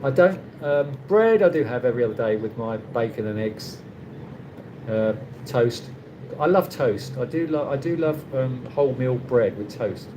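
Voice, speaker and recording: A man's voice: mid-range voice, lively intonation, moderate pace, background noise. A middle-aged man with a London accent, chatting casually on a livestream and reading viewer comments, rambling with many restarts. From London, England. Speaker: livestream host.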